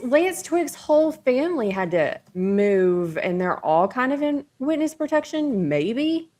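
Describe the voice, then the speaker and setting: A woman's voice: sits high, measured pace, hardly any pauses. A woman hosting a casual opinion commentary, talking emphatically and hedging her claims as she goes. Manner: emphatic, animated, hedging with "allegedly". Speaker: commentary host.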